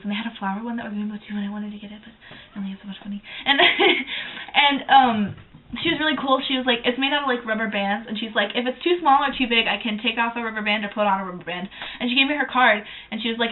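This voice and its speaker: A young woman chatting casually as co-host of a vlog, telling stories quickly with slang and laughter. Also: medium pitch. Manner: rapid, breathless storytelling with slang and laughs. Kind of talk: casual chat. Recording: tinny phone-like audio.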